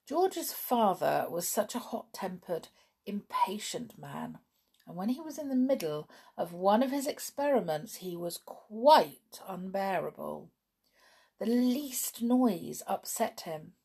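A woman reading a children's book aloud in measured storybook narration. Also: mid-range voice, very animated, vocal fry, darkish tone, slightly rough. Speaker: audiobook narrator.

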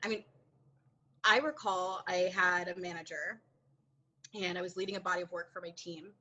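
Bright-voiced woman telling a story. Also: lowish voice, moderate pace, muffled recording. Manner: animated, acts out quoted dialogue, laughs often. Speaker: podcast guest. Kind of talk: candid conversational storytelling.

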